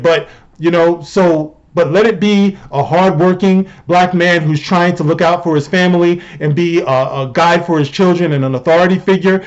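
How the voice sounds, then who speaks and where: A man's voice: a little high, muffled recording. A man hosting his own show, talking in a conversational, rhetorical commentary style and often checking in with the listener. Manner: conversational, rhetorical, often asks "you know what I mean". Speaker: host and commentator. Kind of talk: opinionated commentary.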